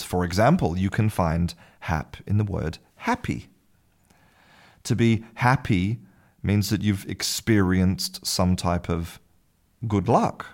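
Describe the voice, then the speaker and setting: Deep-voiced man hosting a language podcast. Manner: relaxed explaining, spelling words out letter by letter. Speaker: podcast host and English teacher. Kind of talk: casual spoken lesson.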